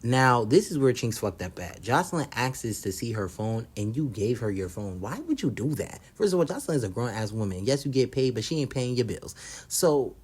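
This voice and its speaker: A man's voice: medium pitch, big pitch swings, normal speed, slightly rough. A young man casually recapping a reality show, blunt and profane, gossiping and acting out what the cast said.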